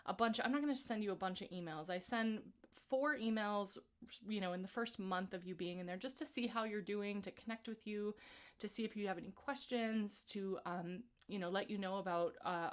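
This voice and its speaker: A woman vocal coach runs a live-streamed singing warm-up, chatting in a relaxed way to explain exercises between scales. Her voice is mid-range and her pace fairly quick.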